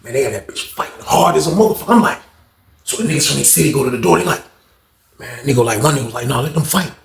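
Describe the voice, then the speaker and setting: A man's voice: mid-range voice, racing, creaky, a little hiss or hum. A young man telling a story in a loose, slangy way, acting out what people said. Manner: animated slangy retelling, acts out quotes. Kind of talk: casual jailhouse storytime. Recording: echoey room.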